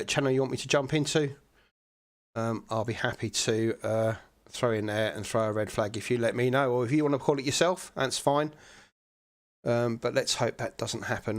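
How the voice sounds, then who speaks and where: A man giving relaxed, chatty live commentary on an online sim race, with plenty of fillers. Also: mid-range voice, moderate pace.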